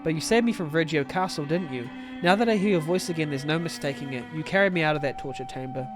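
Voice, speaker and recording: A man's voice: a little high, fast, lightly acted. Earnest, emotional young woman leader, read out by a man over a game soundtrack. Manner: pleading, earnest. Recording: game music underneath.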